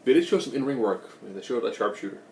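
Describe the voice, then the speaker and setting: A man's voice: mid-range voice, animated, racing, darkish tone, reverberant, recorded from a distance, slight background noise. A man giving a casual, rambling recap of a TV episode, with joking asides. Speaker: recap host.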